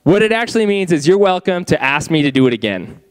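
Chatty young youth pastor, a bit high. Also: male voice, big pitch swings, fast talker, clean tone. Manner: chatty, asks the audience questions. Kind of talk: youth group sermon. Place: youth ministry room.

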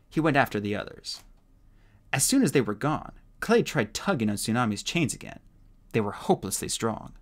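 An audiobook narrator reads a fantasy story with lively, expressive phrasing. The pitch travels widely through each sentence, with an even, middle voice underneath. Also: normal speed.

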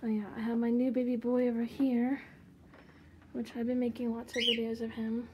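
A woman's voice: fairly high pitch, completely flat delivery, normal speed, background noise. A woman casually showing her doll collection in her bedroom, chatty and rambling with frequent fillers. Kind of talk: casual room tour vlog.

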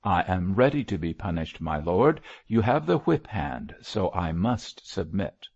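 A man's voice: low voice, very animated, measured pace, darkish tone, full character voice. A man reading a sullen defiant young curate. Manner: dogged, rough. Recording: dull lo-fi dry recording.

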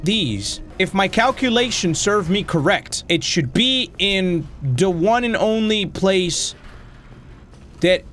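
A young man giving excitable let's play commentary, often shouting, swearing and laughing. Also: high-pitched, slow. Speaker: gaming YouTuber.

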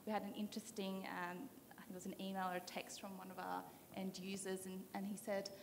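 Flat-voiced woman on a conference panel. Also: medium pitch, fast, gravelly. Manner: flat, steady, with many ums. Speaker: panel speaker. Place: conference hall. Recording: hall reverb, faint noise.

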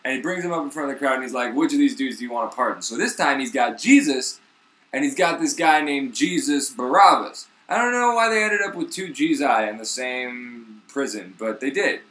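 A man's voice: medium pitch, expressive, moderate pace, fairly bright tone, echoey room. A young man, the host, retelling a story in rambling, slangy casual talk full of swearing.

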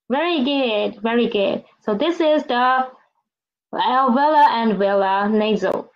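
A woman teaching a recorded Chinese language lesson, slow and patient, repeating each example and checking understanding. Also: a little high. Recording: dull lo-fi recording.

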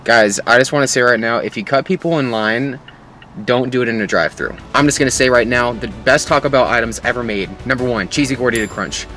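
A man's voice: mid-range voice, fast talker, pushed and bright, soft background music. A young man talking casually to his viewers in a food vlog, chatty and upbeat, calling them folks and guys. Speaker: food vlogger. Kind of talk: casual vlog talk to camera.

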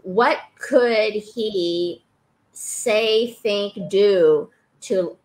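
Woman host, live chat show, earnest and reflective, middle-pitched. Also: very slow, a little mellow, poor audio.

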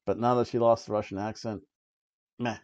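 A man's voice: fairly low pitch, level tone, a little fast, darkish tone, no echo. A man hosting a wrestling review podcast, recapping the show in casual chat and laughing often as he goes. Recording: dull lo-fi dry recording.

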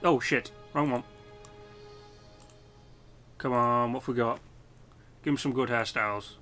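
Chatty, bright-voiced gaming host. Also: male voice, medium pitch, a little slow, faint music behind. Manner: chatty, rambling, with frequent fillers and swearing. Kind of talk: casual let's-play commentary.

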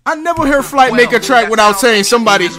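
A man reacting to a hip hop music video, mocking the verses with animated, joking commentary and frequent laughs. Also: very high-pitched, fast.

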